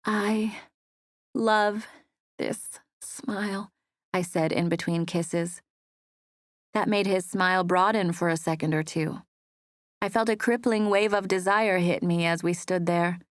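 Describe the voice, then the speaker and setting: A woman narrating a first-person romance audiobook in a soft, intimate storytelling manner on a close studio mic. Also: on the low side, steady tone, normal speed, dry recording.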